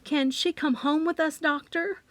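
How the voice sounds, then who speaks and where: A woman's voice: on the high side, very animated, a little slow, fairly bright tone, no echo, full character voice. A woman playing an anxious, doting mama. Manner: anxious, trembling. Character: worried, doting mother.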